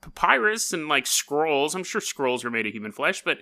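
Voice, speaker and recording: A man's voice: a little high, very animated, normal speed, gravelly, bright, forceful tone. A man hosting a podcast in casual talk, joking and chuckling through his asides. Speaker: podcast host.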